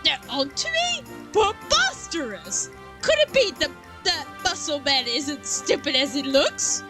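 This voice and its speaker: A woman voicing a scheming male villain in a shrill, indignant manner over game music. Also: a little slow.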